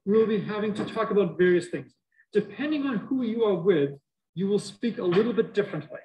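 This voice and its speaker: High-voiced Boston professor lecturing. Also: male voice, a little fast, highs cut off, slight background noise. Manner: animated, joking asides to students. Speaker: math professor. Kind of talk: university lecture. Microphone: muffled by face mask.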